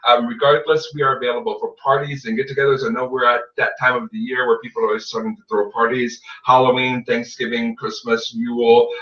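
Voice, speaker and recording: A man's voice: medium pitch, level tone, brisk, hardly any pauses, a bit bright. A man hosting a casual podcast as a tarot reader, playful and joking as he plugs his readings. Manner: playful, joking, self-promoting. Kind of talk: casual chat. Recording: roomy, distant, dull lo-fi sound.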